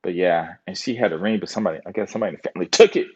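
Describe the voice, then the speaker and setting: Speaking very fast in a low, breathy voice, a man from the US rambles through a monologue full of fillers and drifting thoughts. The recording is dull and lo-fi.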